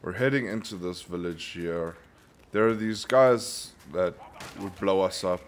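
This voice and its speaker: A man's voice: sits low, a little slow, a little hiss or hum. A man hosting a gaming channel, giving casual let's play commentary, thinking aloud and bursting into frustrated outbursts.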